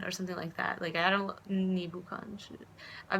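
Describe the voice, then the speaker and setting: A woman's voice: on the low side, little pitch movement, fast talker, vocal fry, a bit bright, slight background noise. A young woman from the United States rambling casually in a vlog, full of fillers and restarts, acting out the voices of people she quotes. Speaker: vlogger.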